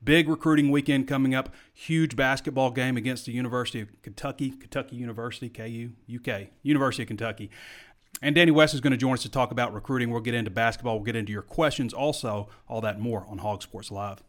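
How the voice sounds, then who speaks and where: A man's voice: medium pitch, fast, hardly any pauses. A man hosting a sports podcast, talking casually through game stats and correcting himself as he goes. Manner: chatty, self-correcting, stat-heavy. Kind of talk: casual sports talk show.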